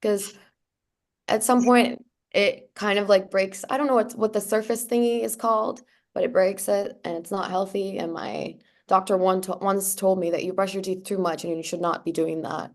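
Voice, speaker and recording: A woman's voice: mid-range voice, fairly even intonation, normal speed. A woman chatting casually on a video call, rambling a little and laughing easily. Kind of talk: casual chat.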